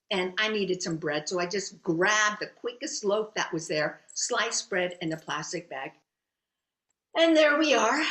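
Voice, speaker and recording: A woman telling a personal story at a live storytelling event, acting out her own quoted lines with drama. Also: medium pitch. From United States. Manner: animated, dramatic, acts out quotes.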